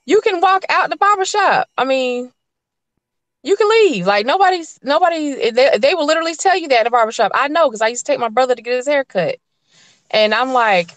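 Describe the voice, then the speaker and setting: A woman's voice: fairly high pitch, normal speed, dry recording. A woman guest in a casual interview, telling stories animatedly and acting out what people said. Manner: animated storyteller, acts out quotes.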